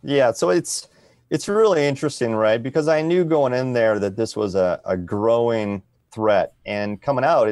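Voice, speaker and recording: Relaxed explaining man, dry sound. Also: on the low side, no echo. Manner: relaxed, explanatory, tags sentences with "right?". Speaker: podcast guest. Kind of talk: conversational interview.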